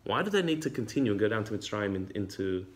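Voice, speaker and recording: A man's voice: lowish voice, sing-song, fast. A man teaching a religious text class. He reads Hebrew passages aloud, explains them in English, and often repeats his words as he goes. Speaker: Torah teacher.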